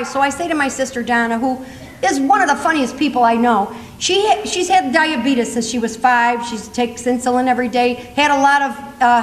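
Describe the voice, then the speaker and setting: A woman in her sixties telling a funny family story on stage, in an animated, self-mocking manner, laughing often. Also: sits high, a little hiss or hum. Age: 60s. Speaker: comedic storyteller. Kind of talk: stand-up storytelling. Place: conference hall stage. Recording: echoey hall, faint ambience.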